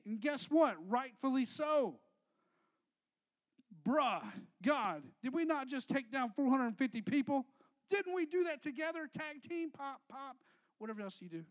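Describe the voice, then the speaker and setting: A young adult man, a pastor, preaching a casual, slangy sermon that swings between hushed asides and loud, emphatic lines. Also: very high voice, expressive, unhurried.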